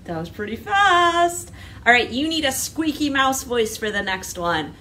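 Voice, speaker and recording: A woman's voice: on the high side, measured pace, distant mic, heavy background noise. A woman who is a children's librarian hosting a virtual storytime. She talks and sings playfully to young listeners and then reads a picture book aloud. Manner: animated, playful, sings a call-and-response song.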